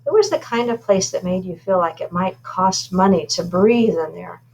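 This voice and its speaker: A woman's voice: on the low side, moderate pace, darkish tone, slight background noise, rough recording. A woman reading a children's novel aloud in an informal way, stumbling now and then and adding asides about her own slips. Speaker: reader.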